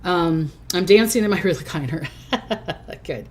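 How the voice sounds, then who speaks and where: A woman's voice: fairly low pitch, lively intonation, unhurried, a little mellow. An older woman hosting a casual psychic livestream from her recliner at home, chatty and hyper, often giggling. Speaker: psychic host.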